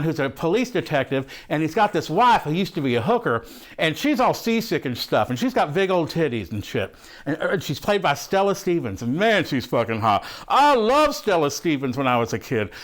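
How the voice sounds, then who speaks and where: A man's voice: a little high, a bit bright. A man playing a crude, horny movie fan who rambles and swears through a comic retelling of an old film. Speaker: host reviewing a film. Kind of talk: comic character monologue.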